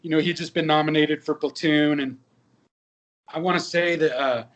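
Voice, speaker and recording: A man's voice: fairly high pitch, moderate pace. Man in his fifties telling stories. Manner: lively anecdotes with quoted dialogue. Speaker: actor and musician, guest. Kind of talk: casual interview storytelling.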